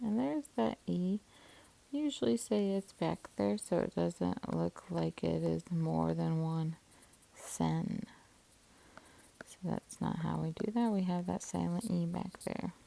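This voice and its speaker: Woman teacher, mellow voice, lowish pitch, phonics lesson, deliberate sounding out. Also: vocal fry. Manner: slow, deliberate, sounding out words.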